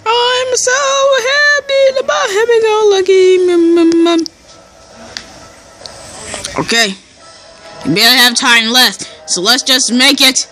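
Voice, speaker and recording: A woman giving casual let's-play commentary over a game, excitable and shouting and cheering as she plays. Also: extremely high pitch, slow pace, long pauses. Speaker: gameplay commentator. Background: game music.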